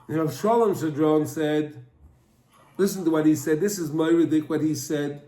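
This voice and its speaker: A man with a high voice gives a Torah class in an echoey room. He tells the story with animation, often repeating and restarting his phrases. The room's reverb hangs around his words. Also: fairly even intonation, moderate pace, dark tone. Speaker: Torah teacher.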